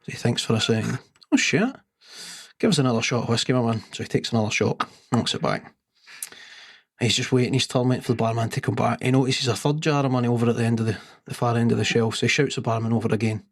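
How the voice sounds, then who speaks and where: A man, co-hosting a sports podcast and telling a long pub joke in an unhurried, deadpan way. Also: mid-range voice, gravelly, no echo, studio quality. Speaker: podcast co-host.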